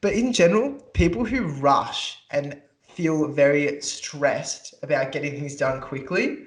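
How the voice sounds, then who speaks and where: A man's voice: fairly high pitch, unhurried, echoey room. A young man, co-hosting a casual podcast and ranting, swearing freely. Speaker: podcast co-host. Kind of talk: casual chat.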